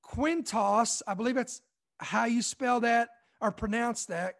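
Kentucky-raised male commentator, young, emphatic, reads news and stresses key lines slowly. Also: very high-pitched, a bit bright. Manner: emphatic, repeats points slowly for effect. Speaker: online commentary host.

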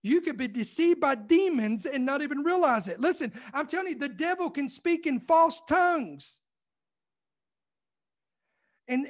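A male preacher delivers an impassioned sermon in a strikingly high voice. He presses his points over and over, cutting in with "listen" and stumbling into restarts as his fervor builds. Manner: fervent, emphatic, repeats "listen" and "I'm telling you"; restarts and stumbles when heated. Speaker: preacher and ministry host.

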